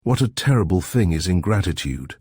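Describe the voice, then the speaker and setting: A man voicing a mild-mannered, sly investigator who murmurs and gently mocks. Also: sits low, big pitch swings, fairly quick, husky, no echo, full character voice. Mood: mock-sincere. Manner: soft, murmuring, gently mocking. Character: mild, sly, dryly ironic male investigator.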